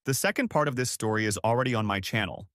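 A man narrating a first-person story as scripted audiobook narration, in an expressive storytelling manner. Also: on the low side, fast, dry recording, studio quality.

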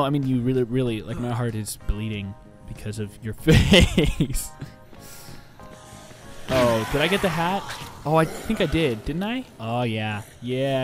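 A man giving casual, rambling, jokey let's play commentary, often talking back to the game. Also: mid-range voice. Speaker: gameplay commentator. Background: game music.

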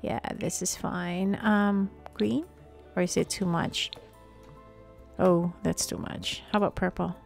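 A woman hosting a life-simulation gameplay video, chatting casually to viewers with lots of fillers and excited exclamations. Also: fairly low pitch, slow pace, vocal fry, soft background music. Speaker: gaming video host.

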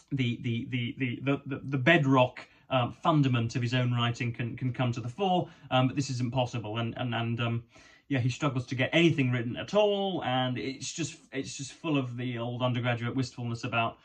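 A young man reviewing a book to camera, stammering and repeating words often, with wry and ornate wording. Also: medium pitch. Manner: hesitant, stammering with many repeated words and ums.

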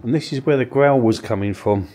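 A man's voice: mid-range voice, fairly quick, warm tone. A man hosting a ghost-hunt vlog, coaxing and questioning spirits in the cellar rooms of an old mill. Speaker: paranormal investigator host.

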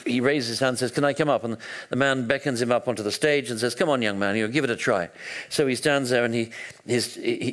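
A man lecturing on history in a storytelling manner, with a mid-range voice that often doubles back and restarts mid-sentence. He speaks at a moderate, unhurried pitch, as if thinking aloud for an audience. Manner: animated storytelling with frequent restarts and hesitations. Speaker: historian giving a talk.

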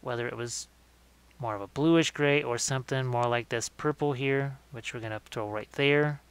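A man with a smooth, resonant voice talks viewers through a miniature painting session on a live stream. He sounds relaxed and thinks aloud as he works, restarting and correcting his phrasing as he goes. His pitch sits in an ordinary middle range. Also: normal speed.

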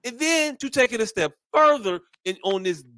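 Male podcast co-host, high-pitched, animated and profane, dry close mic. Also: moderate pace, no echo. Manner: animated, profane, mocking put-on voices. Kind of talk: casual podcast chat.

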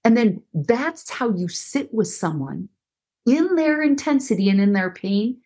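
Animated woman counselor acting out quotes. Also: a little high, measured pace. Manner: animated, acts out quoted dialogue in shifting voices. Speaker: counselor and guest speaker. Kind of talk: conversational teaching on a faith podcast.

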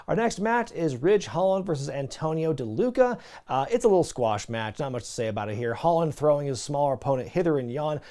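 Here a reviewer runs through the week's wrestling shows in a warm, somewhat high voice, loose and full of opinions. Fillers like "like" and "you know" crop up constantly, and he invites his audience to share their predictions.

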